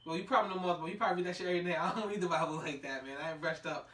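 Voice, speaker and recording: Fast-talking high-voiced man, roomy sound. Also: pushed and bright, far from the mic. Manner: fast, argumentative, profane, laughing. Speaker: podcast co-host. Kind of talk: casual banter about boxing. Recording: roomy sound from away from the mic.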